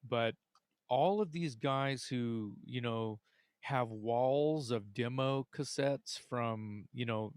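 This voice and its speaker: Podcast cohost guy, halting filler-heavy chat, middle pitch, dead dry mic. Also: clear, resonant tone, dry recording. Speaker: podcast co-host. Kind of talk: casual chat.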